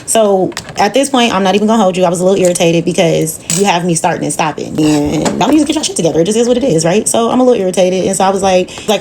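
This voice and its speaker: A woman talks quickly in a slightly low voice, telling a story from her work as a nail technician. She is blunt and profane and keeps an easy storytime flow, with a faint hiss behind her. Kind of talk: casual storytime vlog.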